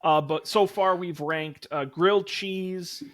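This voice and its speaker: A man's voice: high voice, fairly even intonation, slow pace, a bit bright. A man hosting a casual podcast over a video call, rambling through plugs with plenty of fillers. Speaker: podcast host. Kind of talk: casual chat.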